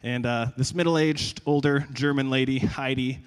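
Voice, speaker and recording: A young man preaching a sermon in a conversational, animated way, often stumbling and repeating words. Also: medium pitch, normal speed, a little hiss or hum. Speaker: pastor. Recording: long reverb of a large hall.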